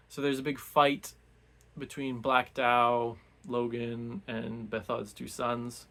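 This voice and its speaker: A man's voice: medium pitch, completely flat delivery, takes it slowly, a bit bright. A man giving a casual, rambling recap of a novel for a book club, full of restarts and fillers.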